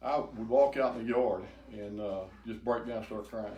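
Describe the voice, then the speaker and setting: Older man giving a halting testimony. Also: on the low side, steady tone, warm tone, lo-fi sound. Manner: halting, repeats words, quotes others. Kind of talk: emotional personal testimony to a group. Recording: echoey room, faint noise.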